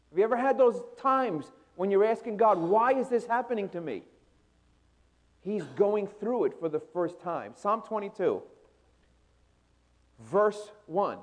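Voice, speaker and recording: Male preacher, high-voiced, theatrical sermon delivery. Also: darkish tone. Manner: dramatic, voicing scripture with swelling intensity.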